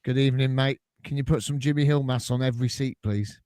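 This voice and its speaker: A man's voice: mid-range voice, steady tone, quick pace, warm tone. A man co-hosting a football fan podcast, making playful jokes with the others. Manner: joking, playful. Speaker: podcast co-host. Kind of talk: casual football podcast chat.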